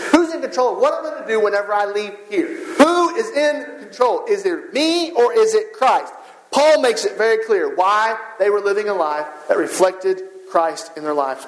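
A high-pitched man preaching a fervent sermon in a church sanctuary. He stacks short repeated phrases into rising rhetorical runs. His voice rings with a long echo from the hall around him. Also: slight background noise. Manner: fervent, repetitive rhetorical build-ups. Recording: echoey hall.

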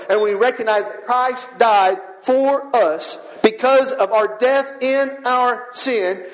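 A man preaching a sermon, building fervent, repetitive rhetorical runs of short phrases. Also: extremely high pitch. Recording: echoey hall.

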